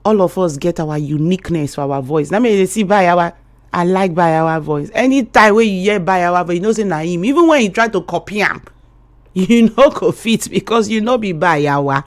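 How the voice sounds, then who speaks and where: A woman's voice: on the low side, lively intonation, moderate pace. A woman with a Nigerian accent hosting a morning radio show, giving motivational talk in a preachy way and calling her listeners darling and sweetheart. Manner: rhythmic repetition, swings between loud and quiet.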